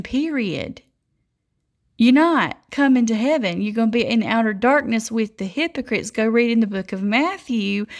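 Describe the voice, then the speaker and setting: A woman, a self-described prophetess, giving a fervent religious monologue, scolding and mocking her listeners and laughing mid-sentence. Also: a little high.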